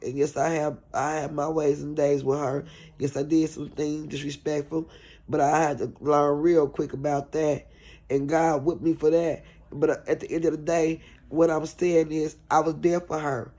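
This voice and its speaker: A middle-aged woman caregiver vlogs with a low, mellow voice that barely moves in pitch, speaking at normal speed. Her heartfelt, preachy talk is earnest, pleading and repetitive as she urges compassion.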